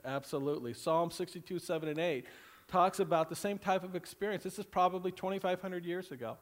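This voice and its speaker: A male pastor preaching a sermon to several campuses, rambling with lots of "you know" and slowing down for scripture. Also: fairly even intonation. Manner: rambling, repeats phrases, many "you know" fillers; slows and drops low for scripture readings.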